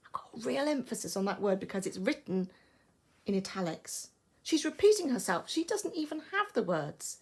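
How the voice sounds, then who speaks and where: A woman's voice: medium pitch, sing-song, moderate pace, vocal fry, breathy edge. A woman with an English accent, a primary school teacher, giving a recorded lesson and explaining patiently and expressively.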